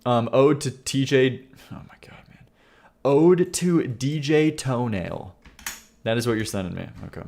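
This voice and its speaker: A man's voice: medium pitch, lively intonation, a little slow, creaky, pauses often, a little mellow, a little hiss or hum. A man hosting a live stream, casually reacting to viewers' songs with wry sarcasm, laughing asides and mumbled muttering. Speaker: streamer reviewing viewer song submissions.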